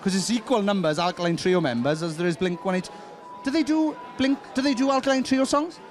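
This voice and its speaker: A man's voice: sits high, brisk, soft background music. A Welsh man co-hosting an event stream, joking and teasing in casual banter. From Wales. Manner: joking, self-mocking, excitable. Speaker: co-host. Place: outdoors at a busy event.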